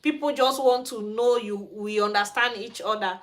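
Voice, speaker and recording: Speaking on a livestream from Sweden, this Cameroon-born host of a hair care channel talks bluntly and rants in a Cameroonian accent. Her pitch sits on the high side, her tone is fairly bright, and she keeps a moderate pace.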